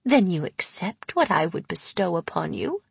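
A woman's voice: fairly low pitch, very animated, vocal fry, slightly rough, no room sound, full character voice. Woman voicing an ancient purring hag. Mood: sly. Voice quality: purring, whispery. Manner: sly, deliberate, cold. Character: ancient sly female hag, cold and menacing. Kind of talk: audiobook character voice.

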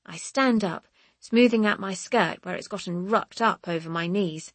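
Female audiobook narrator, wry and measured, breathy mid-range voice, dry booth sound. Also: mid-range voice, no room sound. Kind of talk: scripted first-person audiobook narration.

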